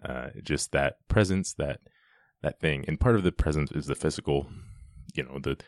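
Super deep voiced guy excitedly breaking down a movie scene, dry close sound. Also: moderate pace, dry recording. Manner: enthusiastic, chatty, with frequent restarts. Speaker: film commentator. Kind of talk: casual film scene commentary.

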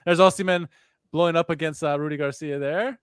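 Chuckling man with a higher, dry voice. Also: steady tone, brisk, clear, resonant tone, no room sound. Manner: chuckling, jokey, filler-heavy. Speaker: podcast co-host. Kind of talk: casual sports podcast chat.

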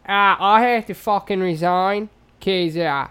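A man putting on a New Zealand accent to play a crude male prime minister, loud and swaggering. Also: high voice, measured pace, clear, resonant tone. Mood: crude boasting. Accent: put-on New Zealand.

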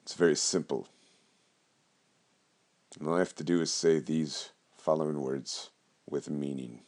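Earnest man with a deep, gravelly voice giving a slow, heartfelt spiritual talk. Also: fairly even intonation. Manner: slow, earnest, gets emotional and quiet.

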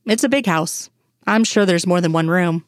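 A woman's voice: lowish voice, moderate pace, no room sound, studio quality, close to an everyday voice. A woman voicing a wry grown man, a teasing FBI agent, in a fan story reading. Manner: teasing, laughing.

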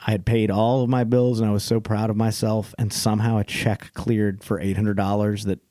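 Man, lowish voice, wisecracking podcast co-host, dry studio sound. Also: level tone, a little fast, warm tone, no echo. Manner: joking, profane banter. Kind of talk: casual chat.

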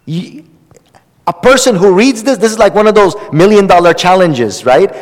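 A man's voice: sits high, expressive, moderate pace. Impassioned man preaching in a reverberant hall. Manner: passionate, pleading, rising and falling emphasis, repeats phrases. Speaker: Islamic teacher of hadith. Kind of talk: impassioned sermon.

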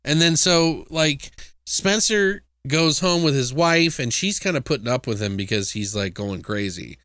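Casual male podcaster, animated storyteller. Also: measured pace, no room sound, clean studio sound. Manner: animated retelling, jumps into high-pitched impressions of characters; swears casually. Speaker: podcast co-host. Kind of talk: casual movie review chat.

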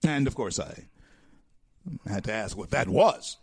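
A man hosting a talk show, giving a political commentary monologue in a preacher-like way that builds to loud, emphatic peaks and calls his listeners folks. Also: fairly low pitch, expressive, a little slow, creaky, slightly rough, dry recording. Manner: addresses listeners as folks and my friends.

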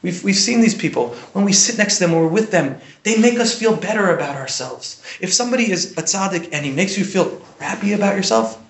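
Animated man lecturing in an echoey room. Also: high voice, fairly quick, few pauses. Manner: conversational, often asks "right?", animated bursts. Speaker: Jewish teacher giving a class. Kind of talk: informal Torah lecture.

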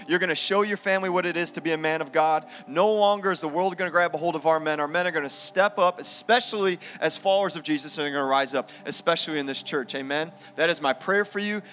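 Guy preaching in church, high bright voice, echoey hall, faint music behind. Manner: emphatic preaching, reading scripture aloud with asides. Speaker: pastor. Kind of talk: sermon.

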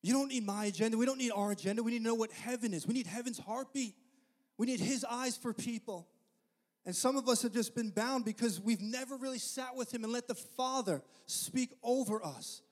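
A man's voice: very high-pitched, brisk, darkish tone. A man preaching a sermon to his church, impassioned and repeating phrases for emphasis. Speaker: pastor. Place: church sanctuary. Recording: long hall reverb.

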